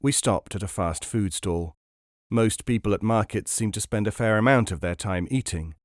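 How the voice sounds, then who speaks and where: A man reading a book aloud as a podcast narrator, in a measured, even storytelling manner. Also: fairly low pitch, dry recording, clean studio sound.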